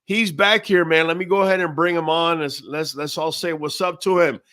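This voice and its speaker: A man's voice: on the high side, steady tone, brisk, bright, forceful tone. A man hosting a live podcast, upbeat and hyped, often calling people "man". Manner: upbeat, hype, says "man" a lot. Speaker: podcast host.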